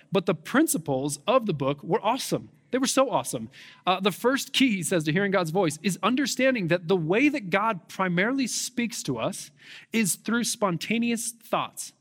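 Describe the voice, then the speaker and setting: A young man delivers a sermon in a relaxed, conversational way, tossing in fillers and questions to the congregation. His voice sits slightly high for a man and moves with animated energy. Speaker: pastor.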